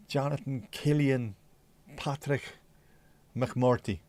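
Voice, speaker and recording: A man's voice: medium pitch, moderate pace, darkish tone. An Irish man hosting a livestream, chatting casually and reading out viewer comments in a blunt, mocking way, with plenty of swearing. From Ireland. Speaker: livestream host.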